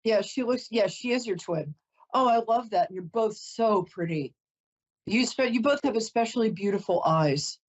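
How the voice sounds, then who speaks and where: A woman's voice: a little high, expressive, normal speed, dull audio. A woman giving a live call-in psychic reading, chatty and emotional, often breaking off to apologize. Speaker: psychic reader.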